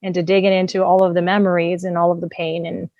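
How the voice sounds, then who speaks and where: A woman's voice: fairly low pitch, little pitch movement, fast talker, no echo, highs cut off. A woman, an empowerment coach and author, telling her personal story as a guest in a casual, candid way, often laughing between thoughts.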